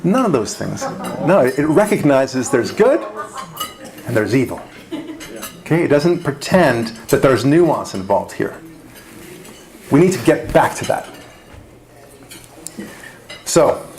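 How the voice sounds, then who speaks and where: A radio talk show host giving a speech to a dinner audience, punchy and rhetorical, with frequent asides asking "right?" and small laughs. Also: male voice, medium pitch, a little mellow. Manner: conversational, with restarts and small laughs.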